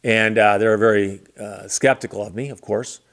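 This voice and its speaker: A man from the Detroit area, hosting his own channel, tells a casual anecdote with animated delivery and acts out the dialogue. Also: on the low side, normal speed. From Detroit area, Michigan. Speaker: channel host.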